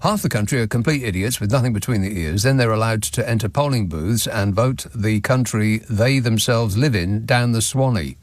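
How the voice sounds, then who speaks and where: A man's voice: on the low side, moderate pace, few pauses, no echo. A man hosting a radio show, reading out listener messages with dry, sardonic asides from a studio microphone. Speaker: radio talk show host.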